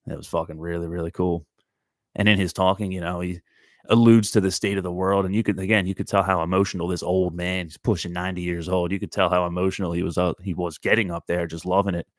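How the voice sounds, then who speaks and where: A man with a low, deep voice tells a loose, rambling story with plenty of swearing. The recording is dry and close, with no room sound. His delivery stays laid-back and conversational. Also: flat delivery, quick pace, dry recording. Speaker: podcast host. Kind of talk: casual storytelling monologue.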